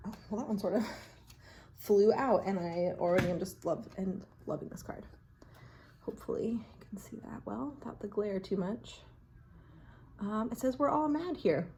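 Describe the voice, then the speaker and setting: A woman chatting casually and reflectively in her bathroom while drawing oracle cards, often dropping to a hushed voice. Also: medium pitch, moderate pace, long pauses, noisy background. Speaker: vlogger reading oracle cards. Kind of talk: casual rambling chat. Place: home bathroom.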